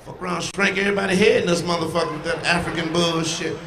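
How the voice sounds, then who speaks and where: A woman's voice: lowish voice, fairly even intonation, quick pace. A woman stand-up comedian doing crowd work on a live stage, brash and profane as she teases the audience. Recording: echoey venue with audience noise.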